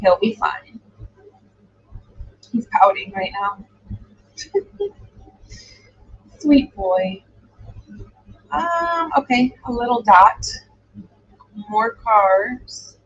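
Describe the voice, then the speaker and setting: A woman's voice: mid-range voice, breathy edge. A woman hosting a live true crime stream, thinking aloud as she reacts and trails off in hesitant musing. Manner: coos softly to her dog. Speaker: true crime livestream host. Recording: dull lo-fi stream audio.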